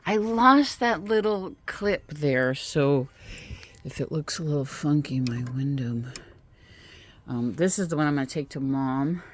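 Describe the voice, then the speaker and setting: A woman's voice: lively intonation, unhurried. A woman vlogging casually from California, filming her home and garden on a phone and chatting in a rambling, talkative way. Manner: chatty, rambling, talks to pets in a high sing-song. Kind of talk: casual home tour chat. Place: home and garden, indoors and outdoors. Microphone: phone held while filming.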